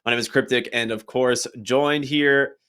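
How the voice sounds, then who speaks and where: A man hosting an esports broadcast, trading relaxed, easygoing banter with his co-caster. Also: medium pitch, normal speed, clear, resonant tone. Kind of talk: casual esports commentary.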